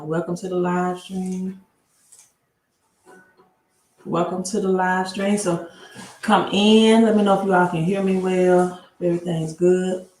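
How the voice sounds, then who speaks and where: Slow-talking woman hosting a roomy live stream. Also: lowish voice, darkish tone. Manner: greets viewers by city, with frequent tag questions. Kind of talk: casual live-stream chat. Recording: roomy home room with faint background noise.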